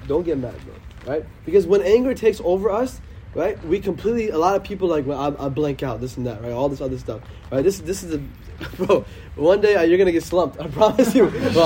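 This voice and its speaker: A man giving a casual, slangy religious talk, animated and quick to quote Arabic scripture. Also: high voice, slight background noise.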